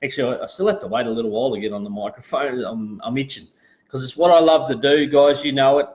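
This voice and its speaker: A man's voice: mid-range voice, fairly even intonation, quick pace, a little mellow. A man with an Australian accent hosting a casual live show, rambling in a laid-back way and greeting viewers as he talks. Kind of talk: casual live-stream chat. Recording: roomy, dull lo-fi live stream audio.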